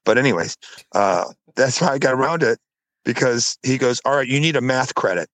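A man's voice: medium pitch, animated, fairly quick, a bit bright, no room sound, poor audio. A man co-hosting a podcast, telling a story in casual chat with laughing asides. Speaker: podcast co-host.

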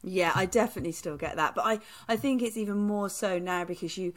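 A woman co-hosting a podcast in casual chat, full of giggles and quick asides. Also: medium pitch. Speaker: podcast co-host.

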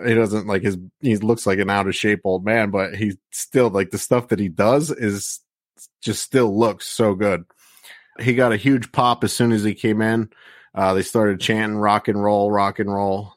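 A man's voice: fairly low pitch, no room sound. A man co-hosting a casual wrestling podcast, talking bluntly with lots of swearing and filler words. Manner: blunt, heavy swearing, frequent "like" and "you know". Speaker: podcast co-host reviewing wrestling.

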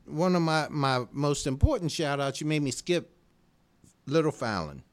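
Lively, higher-pitched man reading shout-outs. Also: moderate pace. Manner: rattles off names, laughs easily. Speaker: podcast host. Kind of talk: casual chat reading listener shout-outs.

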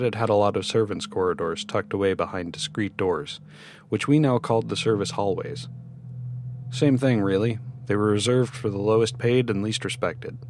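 A man reading a first-person horror story in measured scripted narration. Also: fairly low pitch, darkish tone, slight background noise.

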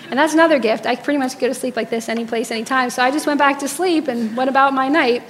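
A woman's voice: high voice, fast, fairly bright tone, slight background noise. A woman in her thirties preaching a sermon to a congregation, telling personal stories and acting out the quotes with animation. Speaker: speaker at church service.

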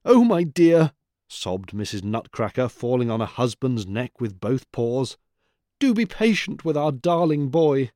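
A man's voice: mid-range voice, unhurried, darkish tone, no echo, studio quality, close to an everyday voice. A man voicing a doting, tearful mother squirrel who gushes and pleads, in a storybook reading. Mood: pleading. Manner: gushing, pleading.

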